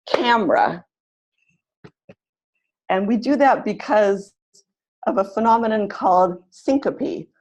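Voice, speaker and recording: A woman leading an online teaching webinar, explaining pronunciation slowly and modeling words syllable by syllable. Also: medium pitch, a little mellow.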